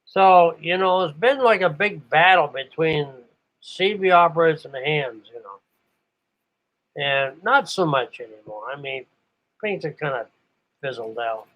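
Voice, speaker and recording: A man's voice: a little high, a little slow, fairly bright tone. An older man from New England reminiscing about radio operators, meandering and stopping to search aloud for names. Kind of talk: rambling reminiscence. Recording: muffled lo-fi recording.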